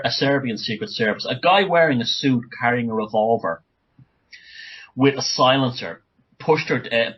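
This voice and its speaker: A man talking as a guest author on a podcast interview, speaking urgently in rapid bursts with many restarts. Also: mid-range voice, husky, highs cut off.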